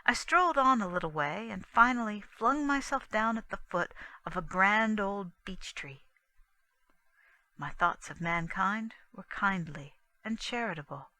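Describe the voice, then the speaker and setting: A woman narrating a classic mystery novel in a calm, deliberate reading. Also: mid-range voice, dry recording, rough recording. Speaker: audiobook narrator. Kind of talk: scripted narration.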